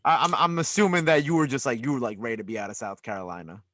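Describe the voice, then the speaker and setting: Fast-talking male interview host. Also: mid-range voice, very animated, a bit bright, dry recording. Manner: eager, rapid questions with many restarts. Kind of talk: casual interview chat. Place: interview studio.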